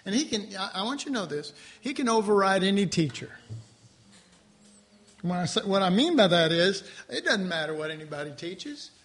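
A man teaching a Bible class in a conversational, animated sermon style, with asides to his listeners. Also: high voice, moderate pace.

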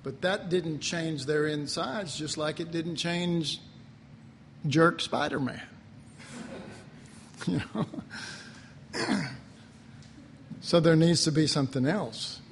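An older man, a pastor, preaching a sermon in a folksy storytelling manner, often clearing his throat and chuckling. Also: fairly high pitch, takes it slowly, pauses often, slight background noise. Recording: long hall reverb.

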